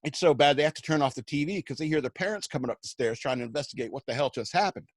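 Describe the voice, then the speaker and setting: A man's voice: on the high side, very fast, no echo. Man telling rambling comic stories. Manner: rambling, self-mocking anecdotes with acted-out quotes. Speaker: radio show host. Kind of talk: comic storytelling.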